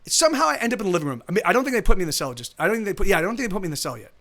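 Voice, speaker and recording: A man's voice: high voice, sing-song, racing, a bit bright. A man telling a long story in a casual, rambling way, often restarting his sentences and swearing. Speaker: streamer. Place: home streaming setup.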